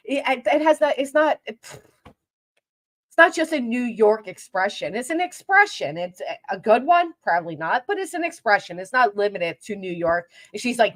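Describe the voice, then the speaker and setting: A woman's voice: on the high side, big pitch swings, normal speed. Sarcastic woman host reacting to clips. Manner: sarcastic, laughing asides, trailing restarts. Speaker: commentary channel host. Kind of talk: casual reaction commentary.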